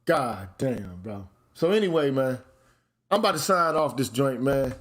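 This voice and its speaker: A man hosting his own channel, speaking in casual commentary, blunt and profane, at times working up into shouted rants. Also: mid-range voice, lively intonation, normal speed, slight background noise. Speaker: channel host.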